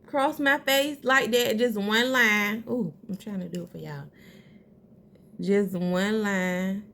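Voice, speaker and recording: Chatty woman with a gravelly edge. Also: medium pitch, slow pace, fairly bright tone. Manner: chatty, talks straight to viewers as girl and sis. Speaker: beauty vlogger. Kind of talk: casual makeup tutorial.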